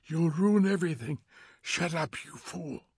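An older man whispering anxious, scolding warnings from inside an earpiece, as a male narrator puts him on. The voice is hushed and pleading, and the studio sound is close and dry. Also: slow, creaky, no echo, heavily acted. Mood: urgent. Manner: urgent, hissing low voice.

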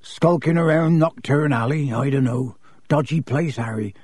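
A man voicing a huge, gruff, bearded gamekeeper who growls his words. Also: fairly high pitch, moderate pace, darkish tone, no echo, studio quality.

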